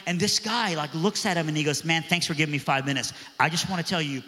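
A man preaching a sermon, telling a story in an animated way and acting out the voices of the people in it. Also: fairly high pitch, fast. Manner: animated, acts out quoted voices. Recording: long reverb of a large hall.

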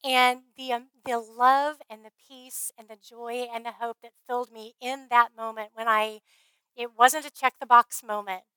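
A woman speaker at a conference, telling her faith story in an earnest, heartfelt way, often trailing off softly. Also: fairly high pitch, fairly even intonation, moderate pace, clean tone, no echo, low-quality recording. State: briefly emotional. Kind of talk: faith testimony talk.

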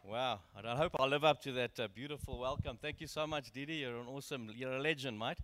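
An older man from Australia, a guest preacher giving a church sermon with jokes that builds to loud, slow, emphatic lines. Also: medium pitch. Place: church hall.

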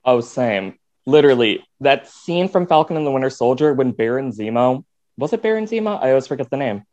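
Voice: mid-range voice, lively intonation, brisk, a little mellow, dull audio. A guest in a casual chat who rambles, packing the talk with "like" and acted-out quotes.

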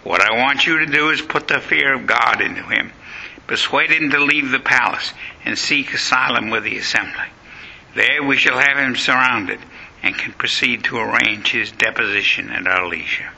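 A man voicing a booming, drunk, bullying male revolutionary leader in a forceful, threatening manner, with a gravelly voice. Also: moderate pace, heavily acted, rough recording. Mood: confident.

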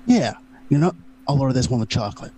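A man's voice: mid-range voice, very animated, quick pace, dark tone, a little hiss or hum. A man role-playing at a tabletop game, goofy and friendly. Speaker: player. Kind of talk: in-character tabletop play.

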